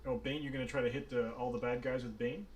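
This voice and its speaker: A man's voice: mid-range voice, steady tone, quick pace, a little hiss or hum. Laid-back man running a tabletop game. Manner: easygoing, laughs often, explains rules. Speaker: game master.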